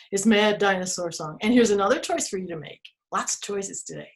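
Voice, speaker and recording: A woman storyteller reading an interactive story to children, playful and expressive, asking her listeners questions. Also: medium pitch, moderate pace, vocal fry.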